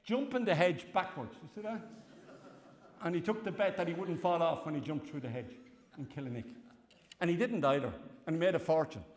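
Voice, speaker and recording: A man's voice: on the high side, in a large hall. A man in his sixties with an Irish accent, giving a chatty public lecture full of anecdotes and his own laughter. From Ireland. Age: 60s. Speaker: professor. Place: lecture hall.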